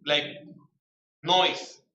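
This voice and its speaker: In a classroom, a man teaches English vocabulary, reading word lists aloud and acting out examples to explain words. He speaks very slowly in a bright, forceful tone, with slight background noise. The recording is distant, echoey, dull and lo-fi.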